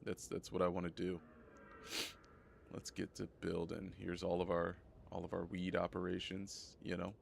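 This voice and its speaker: A hoarse, sick young man streaming live gameplay, chatting casually and rambling, often repeating himself. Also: sits low, monotone, normal speed, a little hiss or hum. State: hoarse from a cold.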